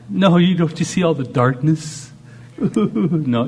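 A man's voice: fairly high pitch, lively intonation, takes it slowly, darkish tone, breathy edge. A man preaching a sermon. He talks animatedly and acts out God speaking in short quoted lines. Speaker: pastor.

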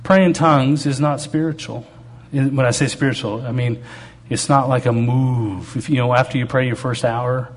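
A man with a lowish voice delivers a conversational, funny testimony sermon to his congregation, drawing on his own life. A slight hiss or hum runs through the recording.

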